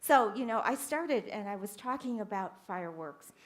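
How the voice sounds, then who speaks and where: An older woman minister giving a sermon, telling stories with animated swings from hushed to loud. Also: mid-range voice, normal speed.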